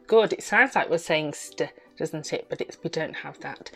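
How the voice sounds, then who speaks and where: A woman teaching a phonics lesson to young children, sounding out words slowly and praising each step. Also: low voice, soft background music. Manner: slow, exaggerated sounding-out of words; bright, encouraging praise.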